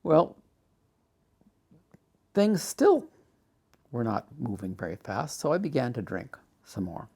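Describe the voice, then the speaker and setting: Gravelly older man telling his life story. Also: medium pitch, sing-song. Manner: halting, emotional, acts out old arguments loudly.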